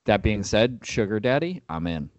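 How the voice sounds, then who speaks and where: A man's voice: on the low side, sing-song, moderate pace, no echo. A young man co-hosting a podcast, wry and teasing, mocking himself. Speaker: podcast co-host. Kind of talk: casual banter. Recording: dull dry lo-fi sound.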